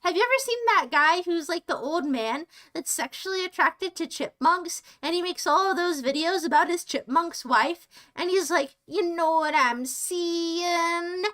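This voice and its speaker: High, bright, rambling woman streamer. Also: animated, moderate pace, few pauses. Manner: rambling, stops and restarts, playful. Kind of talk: casual livestream chat.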